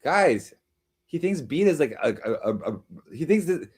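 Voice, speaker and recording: Rambling, teasing male streamer with lively pitch. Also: measured pace, husky. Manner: rambling, teasing, jumps between jokes and chat replies. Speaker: live stream host. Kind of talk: casual live-stream chat reading comments.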